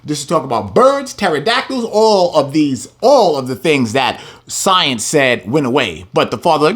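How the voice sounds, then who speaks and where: A man's voice: on the high side, moderate pace, few pauses. A man teaching from scripture, reading verses aloud and breaking into heated, emphatic commentary. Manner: animated, emphatic, swings between reading and loud preaching. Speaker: religious teacher.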